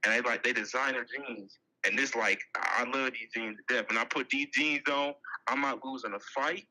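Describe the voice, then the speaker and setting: A man's voice: mid-range voice, steady tone, brisk, bright, forceful tone, poor audio. A man in casual banter, brash and joking, often interrupting.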